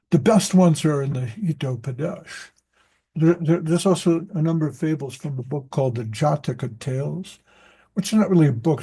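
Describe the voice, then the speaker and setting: Gravelly, husky rambling male teacher. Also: a little high, mellow. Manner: rambling, self-interrupting storyteller. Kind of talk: casual group discussion.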